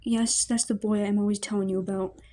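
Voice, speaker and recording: A prickly teenage girl, quick to scoff but close to tears, as a woman reads her part. The voice is mellow and dark-toned, and it rises in pitch when the girl gets defensive. This is a storybook-style reading. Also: level tone, natural voice. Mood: upset.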